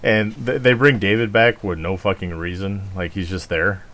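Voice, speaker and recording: A man's voice: low-pitched, fairly even intonation, normal speed, fairly bright tone, a little hiss or hum. A man hosting a podcast, chatting casually and ranting with lots of swearing and mocking outbursts. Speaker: podcast host. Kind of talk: casual chat.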